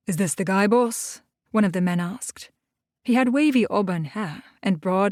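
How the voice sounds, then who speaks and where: Female audiobook narrator, steady even first-person reading, no room sound. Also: mid-range voice, dry recording, studio quality.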